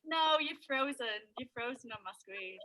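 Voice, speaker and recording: A woman's voice: high voice, expressive, normal speed, background noise. A young woman hosting a casual live stream over a video call, bubbly, giggly and self-deprecating.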